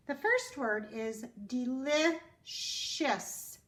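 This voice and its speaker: Brief: woman phonics teacher, very slow and deliberate, echoey room. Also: fairly high pitch, lively intonation. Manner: slow, careful, drawn-out word sounding. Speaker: reading teacher. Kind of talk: phonics lesson for children.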